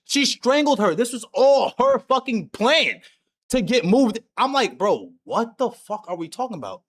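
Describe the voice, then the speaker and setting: Male stream host: high, bouncy voice, animated slangy storyteller, swears freely. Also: measured pace. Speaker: anime discussion host. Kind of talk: casual chat, recapping an anime.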